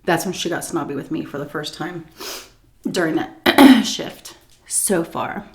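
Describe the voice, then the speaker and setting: A woman's voice: deep voice, measured pace. A woman food vlogger telling a story in a chatty, casual way while she eats, often breaking into laughs.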